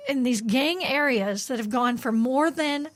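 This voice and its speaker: A woman co-hosting a faith radio breakfast show, chatting casually and often pausing with fillers. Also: high voice. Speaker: radio co-host.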